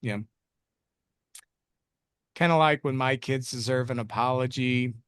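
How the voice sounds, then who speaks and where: A man's voice: mid-range voice, steady tone, normal speed, a bit bright, clear, resonant tone, dry recording, studio quality. A man co-hosting a film review podcast, recapping the plot in a rambling, jokey way with self-mocking asides. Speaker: podcast co-host reviewing films. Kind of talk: casual chat recapping a movie plot.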